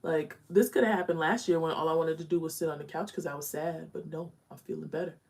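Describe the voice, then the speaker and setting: During a live makeup stream from home, a young beauty vlogger chats candidly while putting on eyeshadow. Her voice sits low and is steady, a little mellow, and she talks fast.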